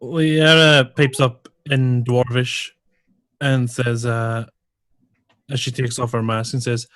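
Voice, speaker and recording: A man's voice: medium pitch, level tone, slow pace, a bit bright, no echo. A man playing in a tabletop role-playing game, describing his character in a hesitant way. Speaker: player.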